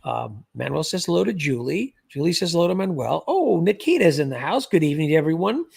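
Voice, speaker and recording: A man's voice: a little high, big pitch swings, fast, a little mellow. A man hosting a casual livestream, reading viewer comments aloud and chatting about scam calls. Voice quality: gravelly, husky. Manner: chatty, reads comments aloud, laughs often. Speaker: livestream host, scam baiter.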